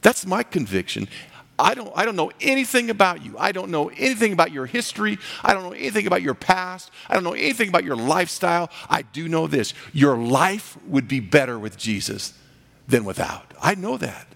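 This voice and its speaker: A man preaching a sermon as pastor, animated and acting out the voices he quotes. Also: sits high, brisk, vocal fry, long reverb tail.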